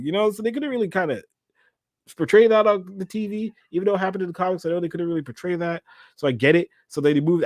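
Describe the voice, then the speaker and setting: A young man hosting his own channel gives an excitable, casual episode recap, rambling, repeating words, and leaning heavily on slang. His voice is a little high, and the recording is dry and studio quality.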